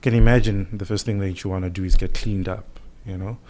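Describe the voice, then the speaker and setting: A deep-voiced man, a guest doctor on a radio podcast interview, explains things calmly and measuredly, frequently using "you know." Slight background noise can be heard.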